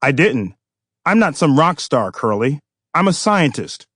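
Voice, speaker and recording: A man doing a gruff, modest old scientist. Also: fairly high pitch, sing-song, measured pace, a bit bright, dry recording, studio quality, full character voice. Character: modest older male scientist, dry and gruff.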